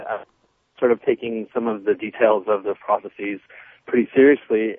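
A man calling in to a radio show, hesitant and halting. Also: fairly low pitch. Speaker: caller. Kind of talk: phone-in call. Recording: tinny phone line.

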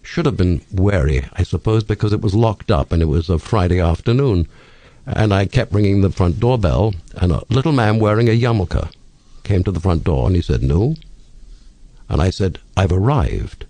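Older British radio man, low and lively, expressive raconteur. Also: fairly quick, no echo. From England. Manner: storytelling, witty, expressive. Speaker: radio talk host, guest. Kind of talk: radio interview. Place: radio studio.

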